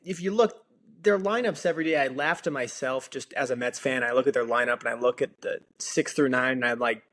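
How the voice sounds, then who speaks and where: Mid-pitched man talking sports. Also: brisk, a bit bright. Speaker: podcast guest. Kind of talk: casual sports chat.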